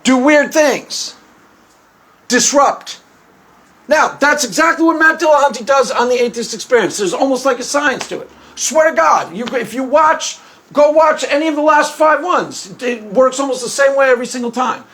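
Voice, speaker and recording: Guy with a fairly high voice ranting casually to camera, lively storyteller, does little voices for quotes. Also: moderate pace. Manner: animated storytelling, acts out quotes, laughs often; conversational, many restarts. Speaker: YouTube commentator. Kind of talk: unscripted video commentary.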